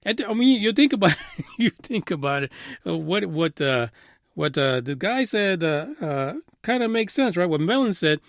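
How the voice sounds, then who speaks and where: A man's voice: high-pitched, very animated, normal speed, no echo, clean studio sound. A man hosting a casual radio news commentary show, ranting sarcastically with plenty of swearing and frequent "uh" fillers.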